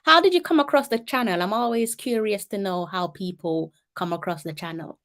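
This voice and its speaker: A woman's voice: medium pitch, brisk, fairly bright tone. A woman hosting a casual interview, hesitant and searching for her words. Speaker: channel host.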